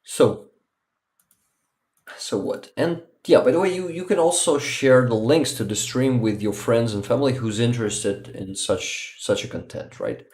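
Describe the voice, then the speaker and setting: A man from Ukraine hosting a casual livestream chat, halting and full of fillers and repeated words. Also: medium pitch, darkish tone. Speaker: livestream host. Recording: roomy echo.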